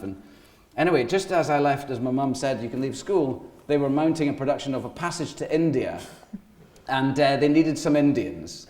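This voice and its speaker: A man's voice: mid-range voice, moderate pace, echoey room. A Scottish man in his forties, a guest actor telling rambling anecdotes on stage in an interview before a live audience. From Scotland. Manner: animated rambling anecdotes with laughter.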